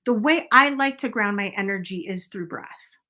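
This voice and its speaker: A middle-aged woman speaking to camera as a coach, calm and earnest, often checking in with "okay?". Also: mid-range voice, normal speed.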